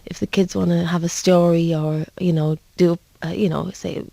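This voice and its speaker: A woman's voice: on the low side, flat delivery, moderate pace, vocal fry, dark tone, no room sound. A woman from Dublin with a Dublin Irish accent, a singer chatting and laughing as a radio interview guest. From Ireland. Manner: chatty, laughing, self-deprecating.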